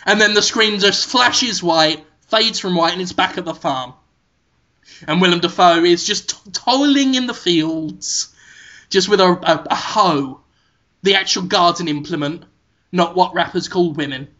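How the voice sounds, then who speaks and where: High, bright-voiced man spinning absurd tale. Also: measured pace. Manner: rambling, deadpan absurd pitch with frequent "like" and "um". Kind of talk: comedic improvised storytelling. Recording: muffled lo-fi recording.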